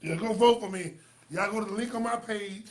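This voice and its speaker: A man's voice: high-pitched, fairly quick. A man hosting a live online talk show, exhorting his viewers in a repetitive, preacher-like way.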